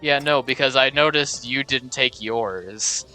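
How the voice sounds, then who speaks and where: A man in casual gaming chat, joking, excitable and swearing freely. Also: mid-range voice, measured pace, loud music behind the voice, poor audio. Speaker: gamer.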